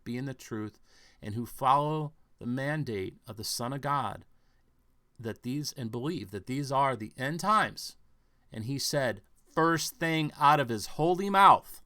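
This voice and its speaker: A man's voice: mid-range voice, creaky, fairly bright tone. A man hosting a rambling commentary monologue. He speaks in a preachy, emphatic way, repeats his phrases and keeps checking with the listener by asking "okay?". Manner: scolding asides to the listener. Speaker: podcast host.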